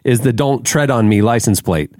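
A man's voice: medium pitch, normal speed, a little mellow, dry recording. A man co-hosting a podcast, dropping dry teasing asides in casual banter. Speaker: podcast co-host.

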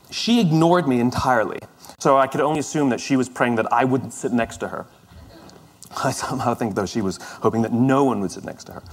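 A middle-aged man talks through a story in a relaxed, conversational way, poking fun at himself and often starting sentences over. His voice sits in a middle range. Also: medium pitch. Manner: conversational, self-deprecating, with frequent restarts. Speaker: speaker. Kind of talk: storytelling talk.

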